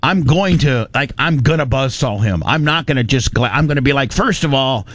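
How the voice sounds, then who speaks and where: A man hosting a radio talk show, telling a story in an animated, ranting way with frequent restarts. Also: mid-range voice, a little fast, no echo.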